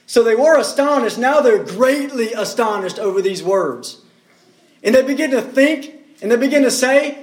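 A man's voice: extremely high pitch, expressive, normal speed. A man preaching a sermon, pressing his points with rhetorical questions and repeating key words. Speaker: pastor. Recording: roomy echo.

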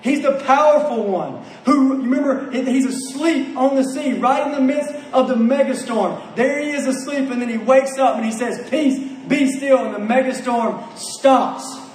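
High-voiced passionate male preacher, echoey. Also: moderate pace, hardly any pauses, darkish tone, distant mic, slight background noise. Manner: passionate, rhetorical questions, repeats phrases. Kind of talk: sermon.

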